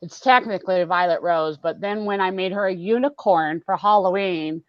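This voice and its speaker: A woman's voice: on the low side, normal speed, no room sound. A woman telling a bubbly, giggly story on a video call. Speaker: video hangout participant. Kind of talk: casual video call chat. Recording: dull, dry video call audio.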